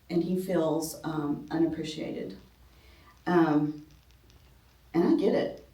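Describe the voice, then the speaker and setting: A woman's voice: on the low side, steady tone, slow pace, long pauses, warm tone. A middle-aged woman leading a ladies' Bible class in a church classroom, talking conversationally with many ums and some self-deprecating humor. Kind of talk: informal Bible class talk. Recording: roomy, distant from the mic.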